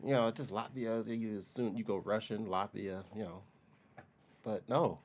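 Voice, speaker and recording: An American man hosting a reaction video, chatting in a relaxed, slangy way and laughing often. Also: on the low side, unhurried. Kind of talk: casual reaction commentary.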